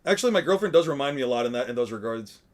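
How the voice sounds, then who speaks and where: A man giving casual, excitable commentary while reacting to an anime, laughing and swearing as he talks. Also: medium pitch, racing.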